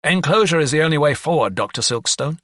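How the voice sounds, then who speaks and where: A man's voice: fairly high pitch, animated, fast, fairly bright tone, no room sound, studio quality, voice pushed up. A man voicing a hot-tempered steward with a blustering manner. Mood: indignant.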